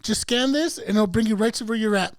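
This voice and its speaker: In a dry recording, a high-pitched podcast co-host tells a story at a brisk pace. His delivery is animated and profane, and he acts out other people's voices along the way.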